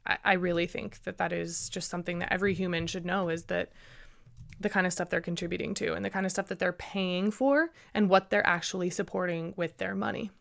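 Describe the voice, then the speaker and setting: A woman's voice: fairly low pitch, steady tone, brisk, vocal fry. A woman hosting a solo podcast, talking earnestly and emphatically, with frequent restarts and a slightly emotional edge. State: a little emotional. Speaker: podcast host. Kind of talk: casual solo podcast monologue.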